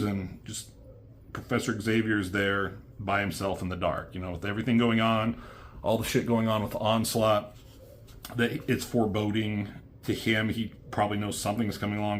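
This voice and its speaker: A man's voice: lowish voice, fairly even intonation, moderate pace. A man casually reviewing a comic book, rambling loosely with fillers and the odd curse word.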